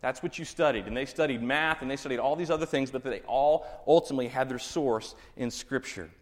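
A man's voice: medium pitch, brisk, big-room sound. A man with a Texan accent, a pastor giving a conversational teaching sermon full of rhetorical questions. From Texas.

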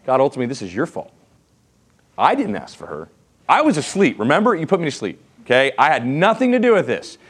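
A man's voice: mid-range voice, wildly swooping pitch, fast, fairly bright tone, breathy edge, full character voice. A man voicing a defensive man who whines out excuses and shifts blame. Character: defensive man blaming others, whiny.

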